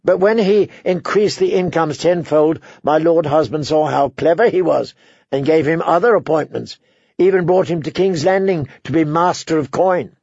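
A man voicing a bitter, self-pitying noblewoman who is sharp and suspicious, switching between wheedling and prying. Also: fairly high pitch, moderate pace, husky, dry recording, lo-fi sound.

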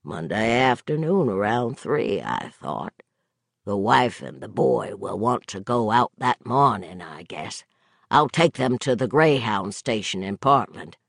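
A man's voice: lowish voice, sing-song, measured pace, vocal fry, a bit bright, no echo, studio quality, voice pushed down, exaggerated voice. A man voicing a plain-spoken, folksy middle-aged working-class mechanic. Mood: easygoing.

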